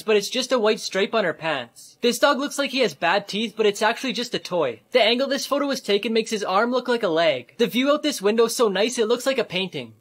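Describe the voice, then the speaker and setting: A man's voice: sits high, a bit bright. A man performing short comedy skits, switching between characters. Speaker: comedy sketch creator. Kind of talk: comedy skits playing every part.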